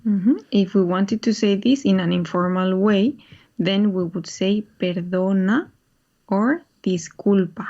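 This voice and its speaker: Gravelly-voiced woman teacher, lo-fi sound. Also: mid-range voice, a little slow. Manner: calm, gives example phrases. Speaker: language teacher. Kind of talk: explaining a language lesson. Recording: slightly dull lo-fi sound.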